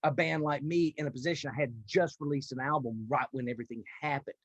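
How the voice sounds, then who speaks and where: A man's voice: fairly high pitch, fast talker, husky, dry recording. A singer from North Carolina with a thick Southern accent, chatting in an interview and acting out the people in his stories. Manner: animated storyteller, acts out voices in anecdotes. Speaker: singer, guest. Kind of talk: casual interview chat.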